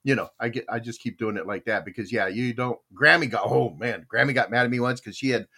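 A man's voice: medium pitch, fast, breathy edge. An older man hosting a casual podcast chat, telling stories and reading listener comments aloud. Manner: animated storyteller, reads chat comments aloud. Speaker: podcast host.

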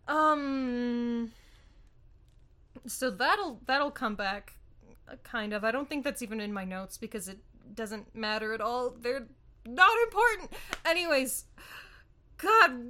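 A woman's voice: on the high side, unhurried, pushed and bright. A woman co-hosting a casual film recap chat, gushing and laughing often as she talks. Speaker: podcast co-host.

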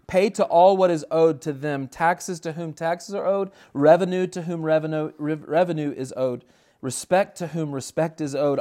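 High-voiced earnest male preacher. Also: a little mellow. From United States. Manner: earnest, emphatic preaching with frequent restarts. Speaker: pastor. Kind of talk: sermon.

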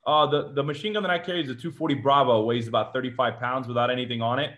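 A former Marine from Georgia, USA, tells his story as an interview guest, chatty and acting out quotes, with frequent "like" and "uh" fillers. His mid-range voice is rapid-fire and a bit bright, with fairly even intonation.

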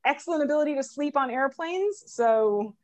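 A woman in her thirties, from New York City and rural New Jersey, is a podcast guest telling friendly, wry stories in a casual interview chat. Her voice is high-pitched with lively intonation and a moderate pace, recorded dry.

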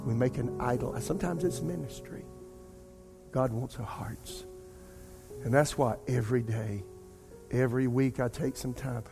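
A middle-aged man, a pastor preaching a sermon and telling a personal story in an animated way. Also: mid-range voice, unhurried, creaky, music in the background. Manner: animated storytelling, addresses congregation as "y'all".

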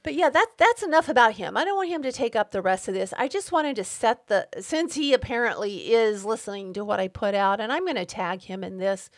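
A woman's voice: medium pitch, fairly quick, hardly any pauses. Indignant woman venting on a podcast. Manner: indignant, emphatic, worked up. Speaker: podcast host. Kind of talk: personal monologue.

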